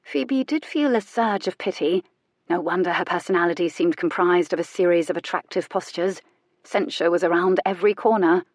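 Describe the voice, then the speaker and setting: A woman narrating a romance audiobook in a measured, even storytelling manner. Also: fairly low pitch, dry recording, clean studio sound.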